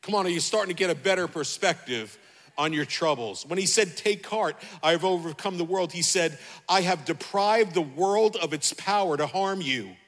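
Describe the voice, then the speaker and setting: High, bright-voiced preaching man. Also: normal speed, in a large hall. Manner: fervent preaching, repeating phrases and calling out to the congregation. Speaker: pastor. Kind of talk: sermon.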